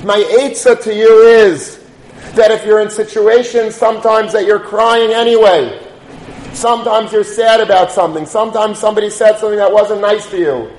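Earnest high-voiced man giving a Torah talk. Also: darkish tone. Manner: earnest, storytelling, uses Yiddish and Hebrew terms. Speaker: rabbi. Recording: echoey room with faint noise.

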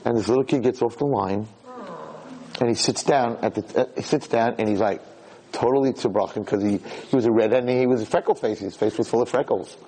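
A man telling a story to an audience as a religious lecturer, animated and emotional, often rambling. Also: mid-range voice, brisk. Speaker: Torah lecturer.

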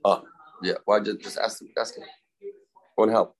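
A man's voice: on the low side, little pitch movement, normal speed. Man teaching Talmud step by step. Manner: explains step by step, repeats key phrases. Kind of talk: daf yomi lecture.

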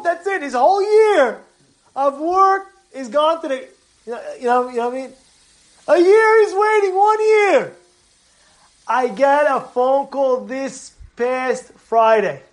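Man, rabbi teaching a class, high voice, emphatic, repeats his points, classroom with students. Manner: emphatic, repetitive, animated storytelling. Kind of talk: live Torah class sermon.

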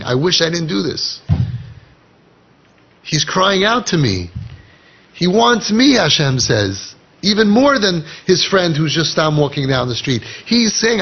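A man giving an animated Torah lecture in English, mixing in Hebrew and Yiddish phrases and acting out people's inner voices. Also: a little high, gravelly, husky. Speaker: rabbi. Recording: dull lo-fi podcast audio.

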